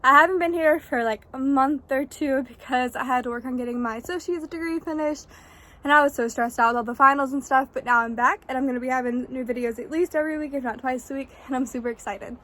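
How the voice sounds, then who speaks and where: A young woman in her twenties talking fast and chatty in a casual unboxing vlog, out of breath from the cold while outdoors in the snow. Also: sits high, fairly bright tone. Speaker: vlogger.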